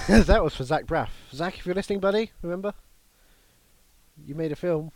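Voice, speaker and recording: A man bantering on a comedy podcast, jokey and quick to break into silly voices. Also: sits high, a little mellow, no echo. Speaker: podcast co-host.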